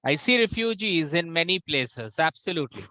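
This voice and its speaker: A man with an Indian English accent, an English coach drilling pronunciation in an online class, repeating words slowly and slipping into Hindi. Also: on the high side, sing-song, pushed and bright, no room sound, rough recording. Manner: drills words by slow repetition, mixing in Hindi.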